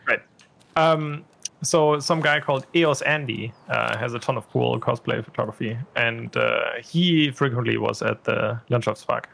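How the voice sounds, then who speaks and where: A man's voice: medium pitch, unhurried, gravelly, a bit bright. A man co-hosting a podcast, chatting casually outdoors, hesitant and agreeable with many fillers. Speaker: podcast co-host, photographer. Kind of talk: casual chat. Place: outdoors at an industrial park.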